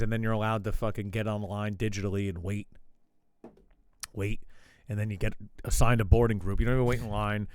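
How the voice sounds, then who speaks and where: A man's voice: on the low side, a little mellow, clear, resonant tone, no echo. A man hosting his own show, telling a rambling, profane story in casual chat. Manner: swears a lot, rambling asides. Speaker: show host.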